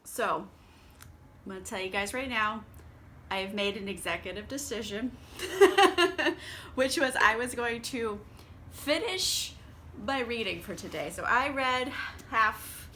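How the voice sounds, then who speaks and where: Tipsy young woman, rambling profane book recap, bright and slightly high. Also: sing-song, unhurried, long pauses, slight background noise. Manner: profane, rambling, laughs often. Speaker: book vlogger.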